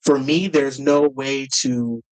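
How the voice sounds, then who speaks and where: A man's voice: medium pitch, steady tone, takes it slowly, darkish tone, low-quality recording. A man as a podcast guest, telling a personal family story earnestly and with emotion, sometimes acting out heated words.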